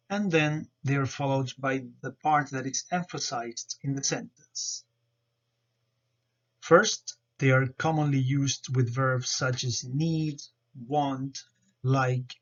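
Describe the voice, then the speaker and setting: A man presenting a grammar lesson over slides, explaining in a careful, measured way. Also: mid-range voice. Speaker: student presenter. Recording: dull lo-fi recording.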